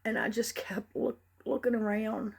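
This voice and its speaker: Husky-voiced middle-aged woman, earnest storytelling. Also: a little high, steady tone, normal speed. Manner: earnest, emotional, pleading. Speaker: grieving mother telling her story. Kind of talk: personal storytelling and poem recitation.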